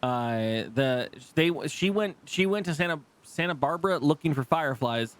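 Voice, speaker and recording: A man's voice: on the high side, animated, moderate pace. A man streaming live, talking casually to his chat, rambling with frequent restarts, swearing freely and laughing easily. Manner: rambling, lots of restarts and fillers. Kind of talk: casual live gameplay commentary.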